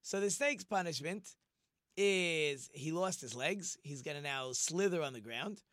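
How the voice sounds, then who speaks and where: A man with a rather high voice gives an informal Torah lesson. He talks in an animated way and acts out quoted speech in different voices. The recording is dry and close. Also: measured pace, no echo. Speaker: Torah teacher.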